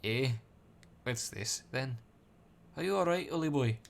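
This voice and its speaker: A man voicing a brash, chummy male fairy sidekick with a Welsh accent, shouting a lot. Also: mid-range voice, animated, a little slow, creaky.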